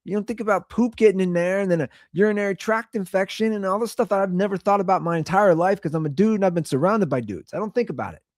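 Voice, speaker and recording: A man's voice: high-pitched, quick pace, few pauses, darkish tone, no room sound, studio quality. A man in his thirties hosting a casual show, telling an exasperated, rambling story about his young daughters. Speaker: podcast host; father of two young girls.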